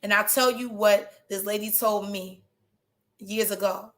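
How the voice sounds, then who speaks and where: A woman, a hair coach, telling her story in animated casual chat and speaking straight to her viewers. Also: medium pitch, a little slow. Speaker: trichologist and hair business coach. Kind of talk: motivational casual talk to viewers.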